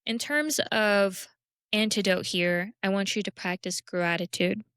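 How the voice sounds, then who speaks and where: A woman's voice: mid-range voice, steady tone, unhurried, a bit bright, clear, resonant tone, no room sound, clean studio sound. A young woman hosting a casual self-help talk, candid and self-deprecating in a conversational way. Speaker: podcast host.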